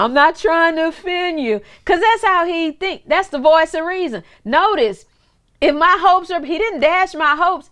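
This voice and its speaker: High-voiced woman minister in her forties. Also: a bit bright. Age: 40s. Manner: conversational and playful, with laughter and asides to the cameraman; repeats words and restarts often. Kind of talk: casual teaching sermon.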